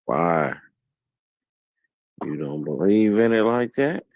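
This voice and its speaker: A man hosting a casual chat, making slow, teasing, low-key remarks. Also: animated, darkish tone, dry recording, lo-fi sound. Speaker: host.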